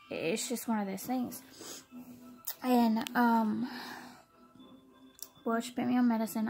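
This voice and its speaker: A young woman speaks in a raw, emotional vlog, fighting back tears. Her fairly high voice carries a gravelly fry, and she stops and restarts often. Soft music plays faintly behind her. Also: low-quality recording. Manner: tearful, halting, repeats words. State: close to tears. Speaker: vlogger.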